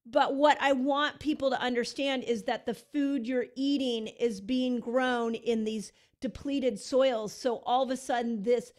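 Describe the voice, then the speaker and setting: Emphatic woman podcast host, slightly high. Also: steady tone, unhurried, hardly any pauses, a little mellow. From United States. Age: middle-aged. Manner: earnest, emphatic, with restarts. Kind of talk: casual interview chat.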